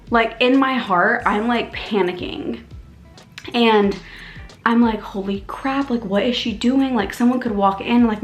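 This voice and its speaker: A young woman vlogger telling a story in a casual, animated way, acting out the dialogue and filling her talk with "like.". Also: mid-range voice. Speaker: beauty vlogger. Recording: echoey room with faint music.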